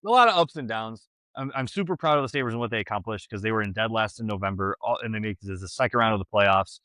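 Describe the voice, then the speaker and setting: A man's voice: fairly low pitch, fast talker, bright, forceful tone, dry recording. A man from Buffalo co-hosting a podcast, chatty and teasing in casual talk. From Buffalo, New York. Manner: chatty, teasing, laughs easily. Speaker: podcast co-host. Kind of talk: casual chat.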